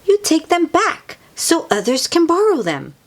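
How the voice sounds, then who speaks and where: A woman's voice: very high voice, huge pitch swings, measured pace, pitched above the performer's own voice, full character voice. A woman voicing a bumbling father pig in a storybook, explaining patiently and a little sheepish.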